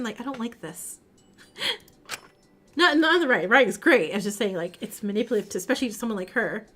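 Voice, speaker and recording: A woman's voice: on the high side, animated, fairly quick, fairly bright tone. A woman streaming a story game, reading along and making chatty, laughing asides. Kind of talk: live game read-along with commentary.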